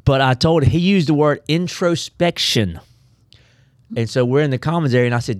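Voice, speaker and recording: A man's voice: medium pitch, moderate pace, no echo. A man hosting a casual chat, joking and laughing often. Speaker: host.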